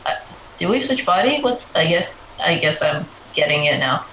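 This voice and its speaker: A player in a tabletop game who speaks in a giggly, confused way. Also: normal speed. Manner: giggly and confused, lively pitch. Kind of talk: tabletop role-play. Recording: roomy echo with clear background noise.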